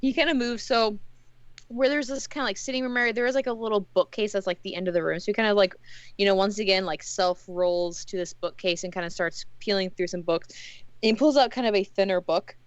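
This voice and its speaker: A woman's voice: medium pitch, a little fast, no echo, lo-fi sound. A woman running a tabletop role-playing game, narrating with many hesitant fillers. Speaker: game master.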